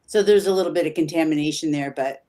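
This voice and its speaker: A woman's voice: low-pitched, quick pace, mellow. A woman guest, a paranormal investigator, talking in a rambling, eager way and often laughing as she explains her evidence. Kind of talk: casual chat on a live stream.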